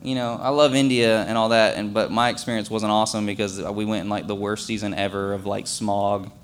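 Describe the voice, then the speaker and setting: A man's voice: on the low side, flat delivery, fairly quick, clean tone. A young man preaching a casual, conversational sermon as a pastor, full of fillers and acted-out quotes.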